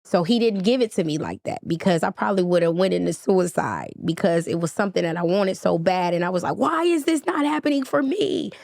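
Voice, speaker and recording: A woman's voice: on the low side, quick pace, vocal fry, hardly any pauses, no room sound, studio quality. A woman, a podcast guest, telling her personal story with feeling and acting out the dialogue. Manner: animated, acts out quoted dialogue.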